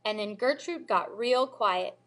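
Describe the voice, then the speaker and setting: A teacher reading a children's novel aloud with expressive storybook delivery. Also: female voice, medium pitch, unhurried. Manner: expressive storybook reading, lively character voices.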